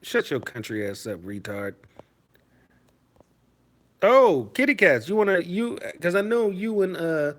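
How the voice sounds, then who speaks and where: A man in his thirties delivering a loud, profane comedic rant, mock-scolding his chat as a streamer. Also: high voice, sing-song, measured pace, pauses often.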